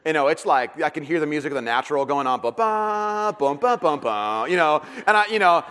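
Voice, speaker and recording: A slightly high male voice moves at a quick pace as a middle-aged pastor preaches. He tells stories that make fun of himself and performs the voices in them with animation, all echoing in long hall reverb.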